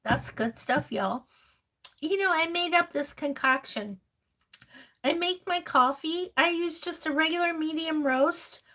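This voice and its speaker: Bright and forceful, her high-pitched voice moves a little slowly. She's a crafting channel host on a live stream, casually chatting through viewer comments, laughing often and fondly calling everyone honey and sweetheart.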